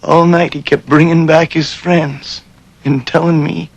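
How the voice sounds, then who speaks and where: An older man, a war veteran, telling his memories in a documentary interview with plain, unhurried storytelling. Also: fairly high pitch, little pitch movement, vocal fry, a little hiss or hum, rough recording.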